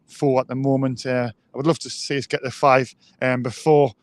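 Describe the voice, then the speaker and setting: A man's voice: medium pitch, level tone, normal speed, no room sound. A man co-hosting a live football fan show, hesitant, with many ums and restarts. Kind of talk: live fan podcast chat.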